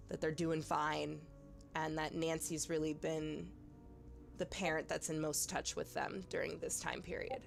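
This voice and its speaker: A woman narrating a tabletop horror game as game master, hesitant with many fillers. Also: deep voice.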